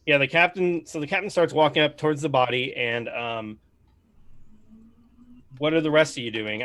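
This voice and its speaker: A man's voice: mid-range voice, moderate pace, long pauses, fairly bright tone. A man narrating as game master in a casual, rambling way.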